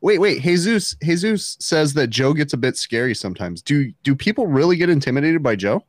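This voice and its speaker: A man's voice: on the high side, big pitch swings, fairly quick, no echo. A man co-hosting a casual podcast, joking and teasing his friends in loose banter. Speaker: podcast co-host.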